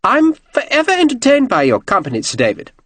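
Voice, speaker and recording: A bored, languid aristocratic lord with a piping, high-pitched voice, put on by a male audiobook narrator. Every word is clipped and enunciated with precision, and the voice rises and falls in lively swoops. The recording is dry and close. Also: fairly quick, no echo, heavily acted. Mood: languidly mocking.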